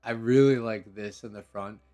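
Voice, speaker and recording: A man's voice: on the low side, fairly even intonation, moderate pace, mellow, muffled recording. A young man hosting a game live stream, talking casually with slang and laughing as he reacts. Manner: laid-back, laughing, rambling with slang. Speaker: livestream host. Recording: faint background music.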